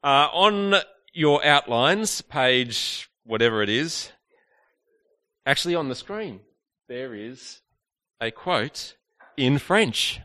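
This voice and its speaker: A man's voice: mid-range voice, animated, slow, long pauses, bright, forceful tone. A man giving an evening church teaching talk, chatty and playful with his listeners, with plenty of fillers. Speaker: preacher.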